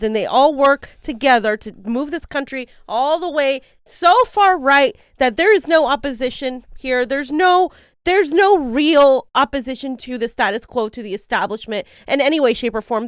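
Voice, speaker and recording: A woman's voice: on the high side, smooth, dry recording, studio quality. A woman co-hosting a political commentary show, ranting in an exasperated way and repeating words as she talks. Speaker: co-host.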